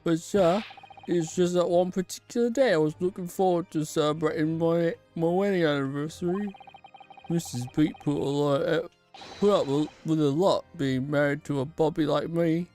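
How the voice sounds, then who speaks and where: A streamer voicing an earnest young male constable in a story game, pleading and eager, a little higher and louder than their own talk. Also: normal speed, soft background music, lightly acted.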